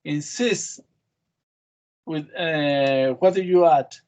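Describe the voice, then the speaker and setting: A man's voice: fairly high pitch, drawn-out words, darkish tone. A man teaching an English class, quizzing students on spelling with short, patient prompts. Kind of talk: online class drilling spelling.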